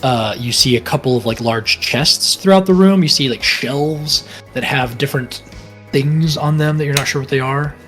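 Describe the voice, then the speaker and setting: A man's voice: mid-range voice, moderate pace, a bit bright, faint music behind. A man narrating as dungeon master in a tabletop game, rambling with lots of fillers. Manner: rambling, full of fillers and hedges.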